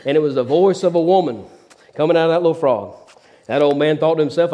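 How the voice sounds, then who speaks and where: A middle-aged male pastor preaching a sermon, telling stories in a folksy, animated preachy manner and repeating words as he builds. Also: fairly high pitch, fast talker. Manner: preachy storytelling, repeats words when excited.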